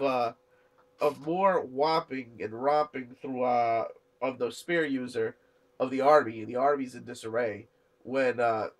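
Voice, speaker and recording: A young anime reviewer with a mid-range voice casually recaps an episode. He rambles with lots of fillers and restarts, briefly acting out characters' lines.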